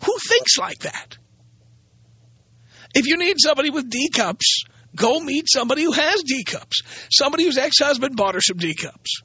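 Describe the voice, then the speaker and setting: A man's voice: very high voice, big pitch swings, moderate pace, bright, forceful tone, dry recording, muffled recording. A man hosting a radio talk show, delivering a blunt, sarcastic, opinionated monologue.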